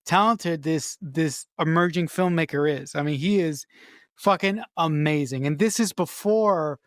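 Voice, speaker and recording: A woman's voice: low-pitched, a little slow, no echo, studio quality. A woman co-hosting a podcast, giving emphatic, profane opinions about a film and often restarting her sentences. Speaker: podcast co-host. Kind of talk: casual film review chat.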